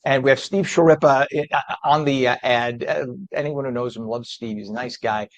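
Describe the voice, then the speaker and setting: A man hosting a morning TV show, interviewing a guest in a conversational broadcast manner that grows animated when he makes a point. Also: medium pitch, normal speed, no echo, highs cut off.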